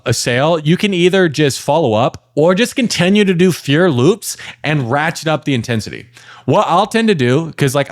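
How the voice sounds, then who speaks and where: A young man teaching sales, talking bluntly and directly with lots of fillers, sometimes acting out lines to a client. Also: fairly high pitch. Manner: direct, blunt, talks to the viewer with frequent fillers. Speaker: sales trainer. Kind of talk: casual instructional talk with role-play examples.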